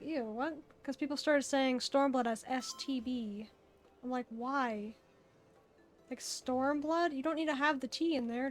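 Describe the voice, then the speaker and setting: A woman streamer chatting casually while she plays, rambling and laughing easily. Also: high-pitched. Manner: rambling, laughs often, fillers like "bro". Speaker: streamer playing an online game. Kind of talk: casual livestream chat.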